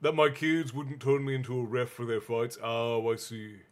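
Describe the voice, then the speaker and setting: Relaxed man reading a bedtime story. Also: medium pitch, moderate pace. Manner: relaxed, chatty, answers the chat aloud. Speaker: stream host and reader. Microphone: streaming mic.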